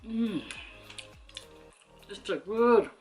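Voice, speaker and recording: A woman's voice: medium pitch, expressive, very slow, over music. A woman with a Samoan accent chatting playfully to camera while eating, teasing her food and giggling. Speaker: mukbang vlogger. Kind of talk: casual eating chat to camera.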